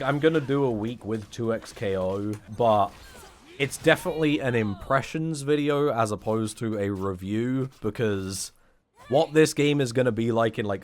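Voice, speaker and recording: A young man, talking casually and sarcastically to his chat on a live stream, rambling and swearing often. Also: lowish voice.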